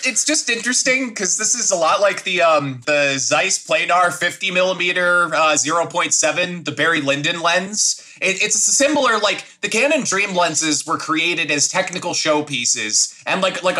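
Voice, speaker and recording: Man, podcast panelist, nerdy and excitable, sharp bright tone. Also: on the high side, normal speed, hardly any pauses. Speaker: podcast co-host. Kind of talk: casual podcast discussion.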